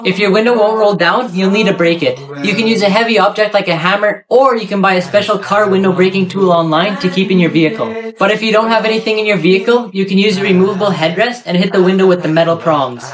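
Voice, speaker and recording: Steady, matter-of-fact how-to voice-over. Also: medium pitch, fast, hardly any pauses, a crowd in the background. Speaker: voice-over narrator.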